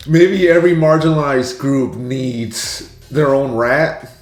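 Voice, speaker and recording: A man hosting a reaction video, musing aloud in a relaxed way and chuckling between thoughts. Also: a little high, echoey room. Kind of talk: casual reaction commentary.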